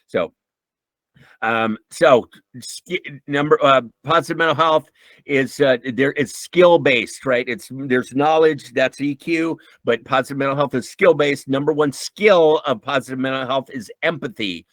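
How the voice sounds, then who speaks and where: A man's voice: mid-range voice, unhurried, a bit bright, dry recording, low-quality recording. Emphatic man giving an informal talk. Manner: emphatic and repetitive, restarting sentences; earnest, with frequent ums. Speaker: mental health speaker. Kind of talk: informal talk on emotional intelligence.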